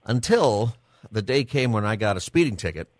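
A deep-voiced man hosts a live radio show in a relaxed, heartfelt way. His voice sits close and dry on the studio mic. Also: normal speed, no echo. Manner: conversational and heartfelt, chuckling often.

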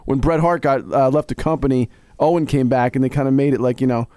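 A man's voice: mid-range voice, steady tone, fast, dark tone, dry recording, clean studio sound. A man co-hosting a podcast, talking in easygoing, slightly hesitant casual chat. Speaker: podcast co-host.

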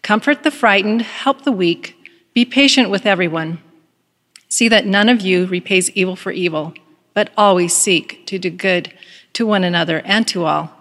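A woman's voice: medium pitch, moderate pace, a bit bright, in a large hall, natural voice. A woman voicing a weary, doubting woman prisoner who gives thanks reluctantly. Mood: reverent. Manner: reluctant, exasperated.

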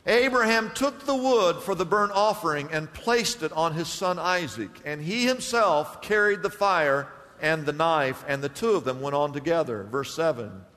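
A man's voice: fairly high pitch, expressive, normal speed, a bit bright, big-room sound. A male pastor preaching a sermon, acting out Bible scenes and reading scripture aloud.

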